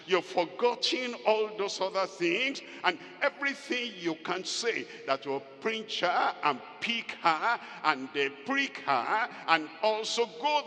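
A man preaching a sermon with emphatic, drawn-out phrasing and sudden loud rises. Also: fairly high pitch, long reverb tail.

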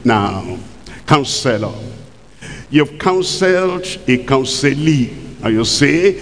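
Expressive preacher in an echoing hall. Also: male voice, a little high, takes it slowly. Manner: emphatic, rhetorical questions, acts out quoted people. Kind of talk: sermon. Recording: long hall reverb.

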